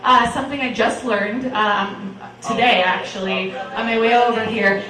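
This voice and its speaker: A woman doing stand-up as the headliner, talking in a halting way with a lot of fillers. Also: on the high side, steady tone. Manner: halting, hesitant, with filler words. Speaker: headline comedian. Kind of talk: stand-up comedy. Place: large comedy room with live audience. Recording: very echoey room, far off, crowd noise.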